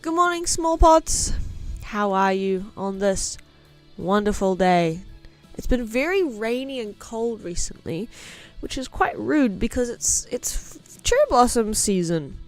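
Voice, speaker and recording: A woman's voice: mid-range voice, animated, measured pace, faint music behind. Chatty New woman streaming as she draws. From New Zealand. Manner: chatty and self-mocking, muttering to herself while working. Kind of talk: casual live-stream chat while drawing.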